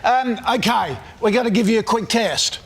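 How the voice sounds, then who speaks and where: A male breakfast TV host, briskly calling out prompts and laughing along. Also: sits high, gravelly, fairly bright tone, breathy edge. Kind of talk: breakfast TV interview.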